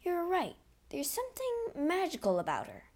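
A woman's voice: very high voice, huge pitch swings, moderate pace, darkish tone, voice pushed up, heavily acted. A woman reading a storybook aloud and voicing a decisive middle-aged male opera house manager.

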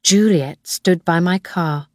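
Slow, low-voiced woman narrator. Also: dry recording, studio quality. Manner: slow, clear, measured reading. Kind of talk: scripted audiobook narration.

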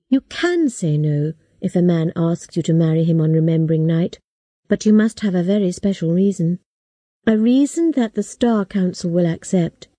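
A woman calmly reading a first-person story aloud, as audiobook narration. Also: mid-range voice, no room sound.

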